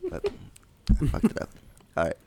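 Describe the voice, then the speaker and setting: A man's voice: normal speed, noisy background. A man co-hosting a casual movie podcast, loose and joking, often stumbling over his words. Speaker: podcast co-host.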